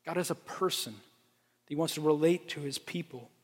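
A man preaching a sermon as pastor, earnest and repeating phrases for emphasis, dropping to a hush for his appeals. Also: fairly high pitch, moderate pace. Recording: long reverb from a large room.

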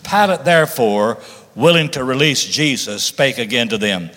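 A man's voice: medium pitch, expressive, moderate pace, a bit bright. A man preaching a sermon, reading scripture aloud and stressing key words with rising emphasis. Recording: long reverb of a large hall.

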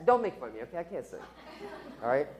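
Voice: medium pitch, very animated, fast, darkish tone. A speaker casually telling a story to a group as a sermon illustration, chatty and self-deprecating, often laughing.

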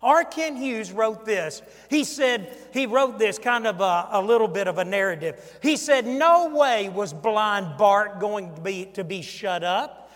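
A man from Mississippi in his fifties with a Southern accent, preaching a sermon in a folksy storytelling way that swings from quiet asides to loud preaching. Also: high voice, animated, measured pace, hardly any pauses, big-room sound. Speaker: pastor.

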